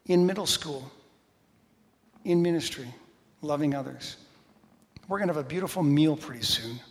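A man preaching a sermon as pastor, energetic and emphatic, with quick asides. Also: on the high side. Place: church sanctuary. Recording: long reverb of a large hall.

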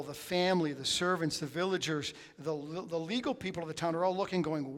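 A man preaching a sermon as pastor, swinging between hushed asides and loud, emphatic peaks. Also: on the high side, fairly quick, few pauses. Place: church sanctuary. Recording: long hall reverb.

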